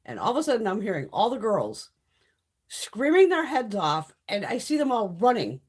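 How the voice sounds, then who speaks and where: A middle-aged woman hosts a live stream, her medium-pitched voice swooping wildly at a quick pace, a little mellow with a breathy edge. She chats casually and bluntly, swearing a lot as she tells stories and reads and answers viewer comments.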